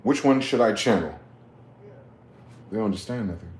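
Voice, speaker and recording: A man talking in a rambling, profane late-night monologue, swinging from loud outbursts to low muttering. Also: expressive, normal speed, echoey room. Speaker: vlogger.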